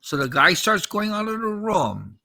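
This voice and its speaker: Fifties guy telling a wild story on a podcast, super bright edgy voice, acts out the quotes, swears a lot. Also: sits high, moderate pace, creaky. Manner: animated retelling, acting out quoted dialogue, frequent swearing. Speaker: podcast host recounting a story. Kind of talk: casual storytelling.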